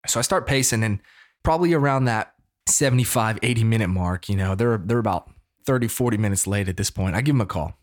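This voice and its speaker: A man in his thirties from the United States, telling a story casually in an animated, preacher-like way. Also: on the low side, fast talker. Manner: animated, preacher-like call-and-response.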